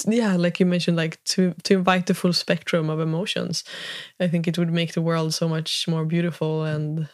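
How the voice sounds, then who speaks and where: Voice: mid-range voice, little pitch movement, moderate pace. A speaker in casual conversation, reflective and agreeable, with many fillers.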